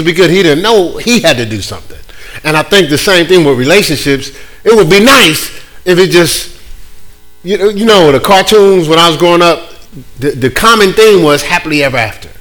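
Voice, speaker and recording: A male preacher with a high voice that swings widely in pitch. He talks in a loose, playful way, acting out other people's lines during his sermon. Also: animated, normal speed, fairly bright tone, rough recording.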